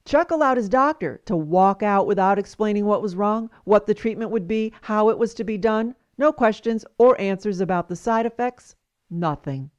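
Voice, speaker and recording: A woman's voice: mid-range voice, animated, normal speed, highs cut off. A woman hosting a podcast, giving scripted commentary with wry, emphatic storytelling. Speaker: podcast host.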